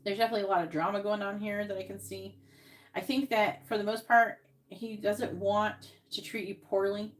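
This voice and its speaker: A woman's voice: mid-range voice, level tone, normal speed. A woman giving psychic readings on a live stream, talking casually and rambling with many restarts, into earbuds.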